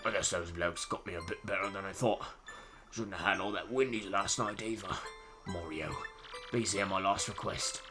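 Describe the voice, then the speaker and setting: A man voicing a weary, proud old male bomb sailor on his deathbed, low and mournful. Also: moderate pace, music in the background, natural voice. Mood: weary, dying.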